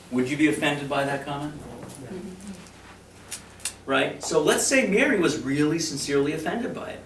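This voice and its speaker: A man runs a workplace training in front of a live room, turning his teaching into jokes. He acts out sample remarks himself. The mic sits well back, so the room rings around his voice with a faint hum of ambience. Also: medium pitch. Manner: joking, animated, acts out example lines. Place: meeting room with audience. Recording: roomy, mic far from speaker.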